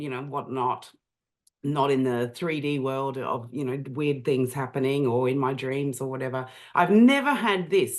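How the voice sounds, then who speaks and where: A woman interviewing a guest, telling a personal story in a chatty, animated way. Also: lowish voice. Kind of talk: conversational interview.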